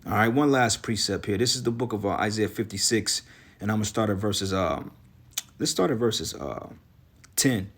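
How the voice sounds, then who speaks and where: A man's voice: on the low side, expressive, normal speed, fairly bright tone, slightly rough. A man preaching an angry, profane rant against a rival religious group, scolding and ending lines with "man". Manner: profane, scolding, repeats "man" at line ends. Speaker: street preacher.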